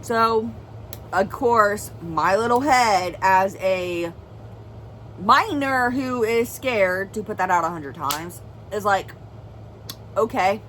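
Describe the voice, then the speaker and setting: A woman's voice: mid-range voice, takes it slowly, a bit bright, slight background noise, poor audio. A young woman vlogger telling a serious personal story in an earnest, rambling way, full of "like" and "well". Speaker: family vlogger.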